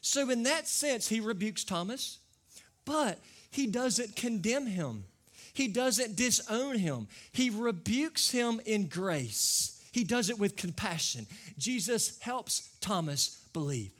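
A man's voice: high-pitched, big pitch swings, slow, fairly bright tone. A man pastor preaching a conversational sermon to his congregation. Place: church service with a congregation.

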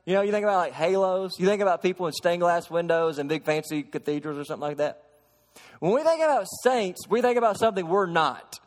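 A man preaching a sermon to a congregation, shifting from soft explaining to loud, emphatic preaching and asking them questions. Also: high-pitched, quick pace. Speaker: pastor. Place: church sanctuary. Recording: long hall reverb.

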